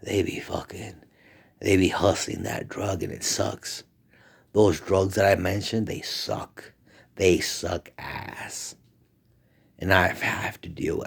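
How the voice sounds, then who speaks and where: A man's voice: low voice, creaky, breathy edge. A man talking in a rambling, profane monologue that often drops to a whisper. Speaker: vlogger.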